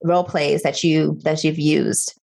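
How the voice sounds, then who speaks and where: A woman's voice: low-pitched, fairly even intonation, a little slow, vocal fry, a little mellow. A woman hosting an interview, prompting her guest with eager follow-up questions. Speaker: interviewer host. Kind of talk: conversational interview.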